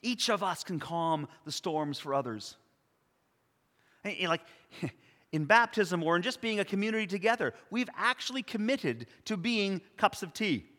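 A man in his sixties preaching a sermon, telling personal stories in an earnest, reflective way with soft pauses. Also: high-pitched, animated, big-room sound. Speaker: pastor.

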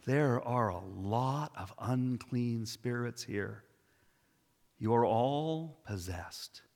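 Jesus, voiced by a man, talks slowly and tenderly, then rises with calm authority. His bright voice rings through a hall with a long reverb. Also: medium pitch. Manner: slow, deliberate, tender with bursts of authority. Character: Jesus, gentle but commanding man.

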